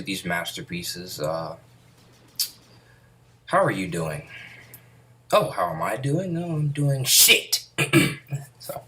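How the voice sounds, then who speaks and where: A woman's voice: very deep voice, a bit bright. A woman YouTuber sitting at home in an angry, profane rant about video games, rambling and restarting her sentences. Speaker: gaming YouTuber.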